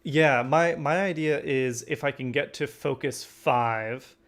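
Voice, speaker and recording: A man's voice: medium pitch, slow, fairly bright tone. A young man hosting a casual chat about a card game, agreeable and full of fillers like "um" and "like". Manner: agreeable, uses many fillers and backchannels. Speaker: host.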